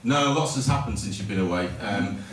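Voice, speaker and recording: At a pub comedy night, a middle-aged comic with a lowish voice talks fairly quickly, wandering off track and interrupting himself before delivering deadpan punchlines. Captured from a distance in the echoey function room, the clip carries crowd noise, laughter, and general room sound.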